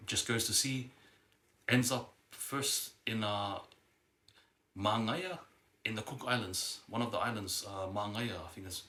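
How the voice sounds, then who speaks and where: A man's voice: on the low side, bright, forceful tone. A young man telling a family history story casually, rambling and hesitant, with many fillers and restarts. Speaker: vlogger. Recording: echoey room.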